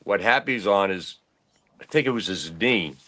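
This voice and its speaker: A man's voice: fairly low pitch, animated, normal speed, sharp tone. A man in his late fifties, a podcast host, telling rambling stories in casual chat and laughing often. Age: 50s.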